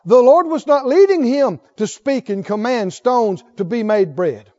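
A man preaching a sermon, emphatic, swinging from loud exhortation to hushed intensity. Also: very high-pitched, animated, unhurried. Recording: dull lo-fi sermon recording.

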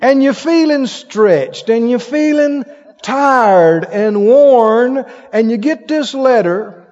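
Preacher, male, lively storytelling sermon, high voice with big swings, dull sound with a long hall echo. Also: slow. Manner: animated storytelling with laughs and acted-out quotes.

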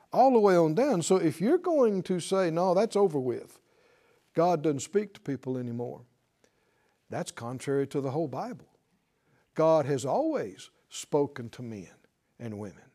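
Male preacher, slightly higher voice, unhurried emphatic sermon delivery. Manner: slow, emphatic preaching with sudden loud stresses.

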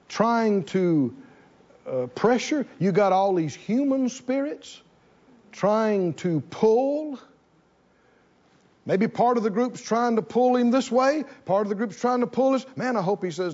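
A man preaching a sermon to a congregation, animated and repeating phrases for emphasis. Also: high-pitched, a little slow, muffled recording. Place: church in front of a congregation.

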